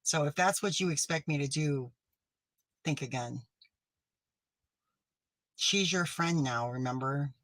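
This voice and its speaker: A man playing a petty, vindictive woman livestreamer in a comedy sketch, accusing and self-righteous, sometimes dropping to a sharp whisper. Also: a little high, measured pace, pauses often, dry recording, poor audio. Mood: scolding.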